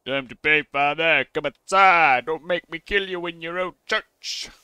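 A man voicing a menacing male outlaw gang leader with a loud, slow, threatening delivery. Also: a little high, clear, resonant tone, no echo, pitched above the performer's own voice.

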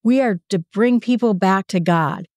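A woman's voice: medium pitch, unhurried, a little mellow, no echo. Woman Bible teacher, casual and conversational, dry recording. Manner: conversational, quotes figures in everyday speech.

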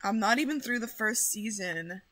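A woman hosting a casual game stream, loud and excitable, swearing often and bossing her chat around. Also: mid-range voice, moderate pace. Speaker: streamer host.

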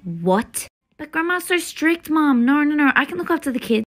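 A woman's voice: sits high, very animated, moderate pace, fairly bright tone, pitched above the performer's own voice. A woman voicing a bratty teenage older sister in a toy-game role-play. The sister sounds sulky and sarcastic. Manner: sulky, sarcastic and eye-rolling.

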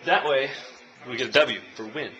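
A young man filming himself at home as he watches a football game, chatting and cheering loudly. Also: mid-range voice, normal speed, dull audio. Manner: swings from quiet chat to loud cheering shouts. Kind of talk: casual vlog, reacting to live football. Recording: noisy home video recording.

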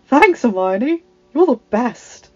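A woman's voice: fairly high pitch, normal speed, warm tone, soft background music, natural voice. A woman voicing a blunt, protective teenage boy wizard who drawls and grumbles. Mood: grumbling. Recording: slightly dull home recording.

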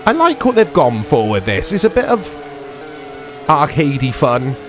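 A man's voice: fairly high pitch, sing-song, normal speed. A man giving casual, rambling commentary while playing an old racing game. He is self-deprecating and full of tag questions. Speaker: retro game reviewer. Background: background music.

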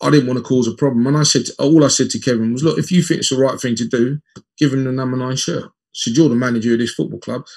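A man in his fifties, a former footballer, telling lively anecdotes as an interview guest and acting out the dialogue. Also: mid-range voice, quick pace, vocal fry, husky. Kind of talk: conversational storytelling in an interview.

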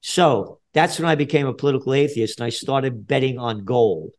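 Older New York guest, seventies, combative profane storyteller, ordinary middle register. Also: male voice, moderate pace. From the Bronx, New York. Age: 70s. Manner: blunt, fiery, profane, swings from low mutter to loud. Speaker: guest, trend forecaster. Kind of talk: podcast interview, storytelling.

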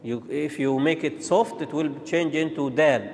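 A man teaching Quran pronunciation, demonstrating and contrasting letter sounds in a halting, repetitive way. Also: on the high side, slight background noise. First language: Arabic. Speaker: tajweed teacher. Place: large mosque hall. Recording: long reverb of a large hall.

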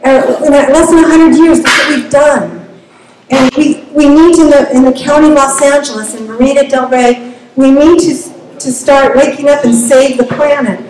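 A woman giving an impassioned, halting public comment at a community meeting, repeating words as she goes. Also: high voice, a little mellow. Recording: echoey room, faint ambient noise.

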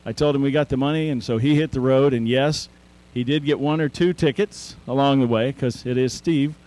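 A man's voice: medium pitch, fairly quick, a little mellow. A man hosting a show, chatting through a casual anecdotal introduction of a guest speaker.

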